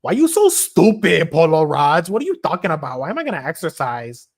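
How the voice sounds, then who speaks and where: A man's voice: on the high side, wildly swooping pitch, fairly quick, exaggerated voice. A man putting on the voice of a sassy woman who scoffs at the idea of exercising. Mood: scornful. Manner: scornful, mocking.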